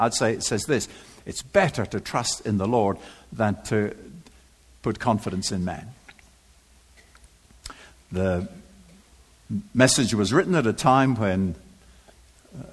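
A man preaching a sermon in church, emphatic and rhetorical, repeating phrases for effect with touches of dry humor. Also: fairly low pitch.

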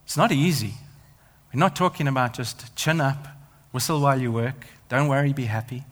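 A man's voice: mid-range voice, moderate pace. A man preaching a sermon as pastor, with an emphatic, building cadence and repeated phrases. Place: church. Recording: long hall reverb.

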